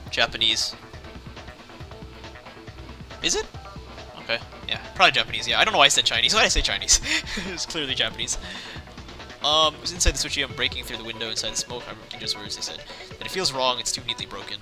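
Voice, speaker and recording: A man's voice: mid-range voice, quick pace, long pauses, music in the background. A young man casually playing through a visual novel, reading the text aloud, rambling, correcting himself and laughing often. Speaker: let's play host.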